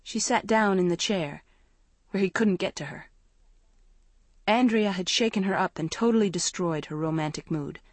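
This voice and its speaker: A woman narrating a young-adult novel in a measured storytelling voice. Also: fairly low pitch, dry recording. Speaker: audiobook narrator. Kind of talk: scripted narration.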